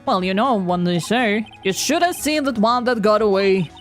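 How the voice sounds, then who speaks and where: A woman's voice: mid-range voice, normal speed, faint music behind, lightly acted. A woman voicing an earnest young male defense lawyer in a video game reading, close to her own voice. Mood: wry.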